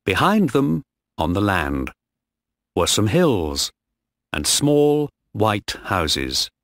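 A man narrates a story at a very slow, deliberate pace for English learners. His low voice rises and falls a lot, and it sounds dry and close to the mic. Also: no echo. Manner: very slow, clearly phrased, lively intonation.

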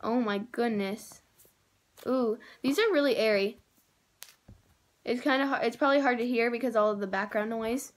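A woman's voice: fairly high pitch, normal speed, pauses often. A young woman, gushing over toys in a casual vlog and saying "like" and "oh my gosh" a lot. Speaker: vlogger. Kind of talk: excited haul vlog.

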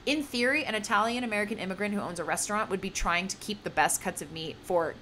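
A woman's voice: mid-range voice, fast, sharp tone, a little hiss or hum. A woman co-hosting a casual podcast discussion, talking emphatically and often saying "like" and "you know.". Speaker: podcast co-host.

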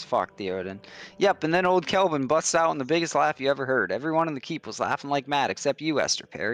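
A chuckling old keep resident from a fantasy role-playing game teases and reminisces in a folksy, storytelling way, as a man reads him aloud. His pitch sits at an ordinary middle height. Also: fairly bright tone.

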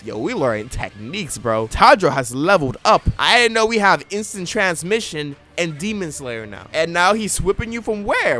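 A young man giving excitable anime reaction commentary with a slangy, joking manner. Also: on the high side, moderate pace, few pauses, soft background music.

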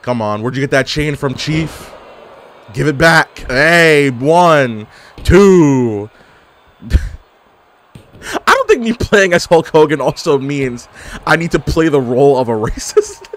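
A man's voice: on the high side, very animated, slow, long pauses. A man giving casual gameplay commentary, exclaiming and throwing out playful trash talk. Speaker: gaming YouTuber.

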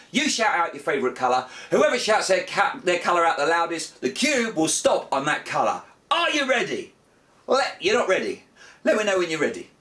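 Brief: male kids' magician, lively swooping delivery, jokey mock frustration. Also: a little high, recorded from a distance. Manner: playful, mock-frustrated, big excited cheers. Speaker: children's magician. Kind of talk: comic magic show patter for children.

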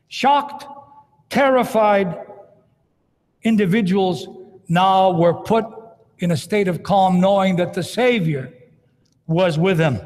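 A priest preaches dramatically in a big cathedral, his high voice moving at a slow pace with frequent pauses. He acts out scripture as he retells it, and the recording carries a long cathedral reverb.

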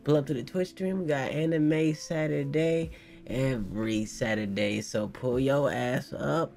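A young man hosting a casual manga reaction, excitable, slangy and profane as he riffs to his viewers. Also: medium pitch, unhurried, gravelly, faint music behind. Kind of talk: casual live reaction commentary.

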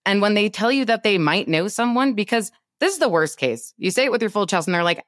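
A woman co-hosting a podcast, giving animated business coaching in a casual chat over a remote call, laughing often. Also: mid-range voice, brisk, no echo, clean studio sound. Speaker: podcast co-host.

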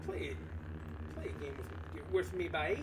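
A man streaming live, chatting with his viewers in an animated, exclaiming ranting manner. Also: fairly high pitch, slow, very noisy. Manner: animated, exclaiming rant to chat. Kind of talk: casual live-stream chat.

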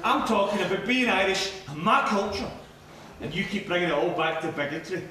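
A man's voice: high voice, lively intonation, brisk, a crowd in the background. A man playing a combative Scottish man with a Scottish accent who is proud of his Irish roots, sweary and needling in argument. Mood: arguing. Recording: echoey, distant, noisy.

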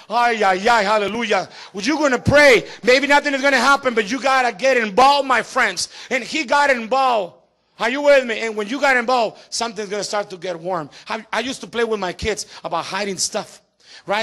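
A man preaching in a church, his high voice gravelly and bright. He drops to near-murmurs, then climbs into shouted exhortations that ring with tension. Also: normal speed. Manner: swings from quiet asides to shouted exhortation. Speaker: pastor. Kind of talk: sermon. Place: church sanctuary.

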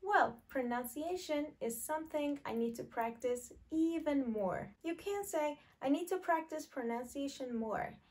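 This female online English teacher has a high-pitched voice with a darkish tone. She pronounces example sentences slowly and clearly for her learners to repeat.

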